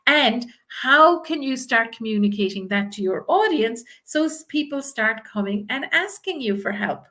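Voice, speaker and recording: A woman's voice: fairly high pitch, lively intonation, moderate pace, pushed and bright. A woman with a strong Irish accent from Ireland, coaching viewers live and reading out their comments. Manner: encouraging, reads out viewer comments. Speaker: image coach.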